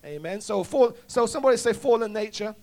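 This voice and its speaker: A man's voice: sits high, expressive, fairly quick, a little mellow. A male preacher delivering a sermon, calling for responses and often restarting his sentences. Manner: call-and-response, stammering restarts.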